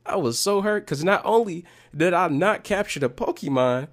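A man's voice: sits high, normal speed. Casual, slangy male storyteller. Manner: casual and slangy, animated, addresses viewers directly. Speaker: motivational speaker. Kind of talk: personal storytelling to camera.

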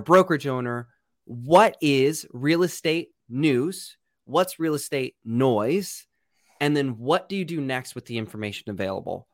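Real estate coach dude on a podcast, talks bold and punchy, dry mic. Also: male voice, mid-range voice, no room sound. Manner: bold, emphatic, explaining. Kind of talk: podcast interview.

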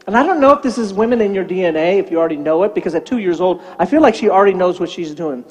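A man's voice: sits high, racing, slightly rough, long reverb tail, muffled recording. An older man, a pastor, preaching a sermon and acting out quotes as he tells a story. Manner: animated storytelling, acts out quotes.

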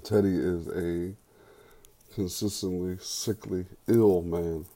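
Low, mellow-voiced man reading aloud. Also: fairly even intonation, takes it slowly. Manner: casual, slangy asides between read passages. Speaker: book reader and commentator. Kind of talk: reading a book aloud with casual commentary.

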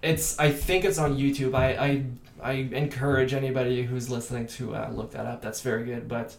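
A man from Canada whose first language is French, chatting as an actor in an interview, animated and full of restarts. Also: mid-range voice, a little fast, creaky, a little hiss or hum. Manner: animated, many restarts and fillers. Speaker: actor and podcast guest. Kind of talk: casual interview chat. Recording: echoey room.

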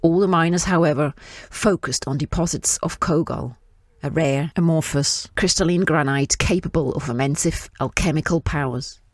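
A woman reading her own fiction aloud in a measured, descriptive way. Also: low-pitched, no room sound, studio quality.

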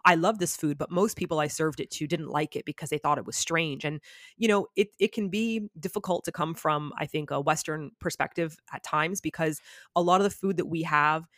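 A woman guest on a podcast, telling stories in a lively, casual way and filling her talk with "like.". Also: deep voice, brisk, no echo, studio quality. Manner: animated storyteller, says "like" a lot. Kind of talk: casual chat.

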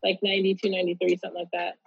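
A woman's voice: fairly low pitch, completely flat delivery, racing, gravelly, breathy edge, dry recording, highs cut off. A woman guest in a casual interview, telling a personal story in a loose, candid way with many fillers and restarts.

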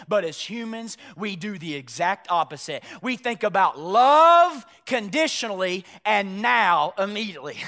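A male pastor preaching a sermon, telling a Bible story with acted-out dialogue and swings from shouts to hushed tones. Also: sits high.

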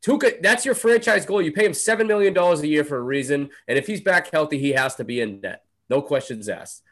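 A man's voice: fairly high pitch, expressive, fast talker, a bit bright. A man co-hosting a casual sports talk show, laying out firm opinions in an argumentative way. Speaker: podcast co-host.

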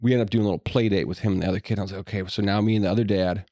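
A man's voice: lowish voice, steady tone, very fast, warm tone, no echo, studio quality. A man from Texas, a comedian guest, telling loose, profane stories in casual podcast chat.

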